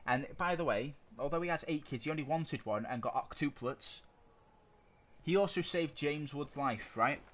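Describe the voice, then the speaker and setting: A podcast co-host speaks at normal speed in a voice on the high side, a bit bright. He rambles while arguing his views and often halts to search for words; his desk mic captures a noisy, amateur-sounding recording.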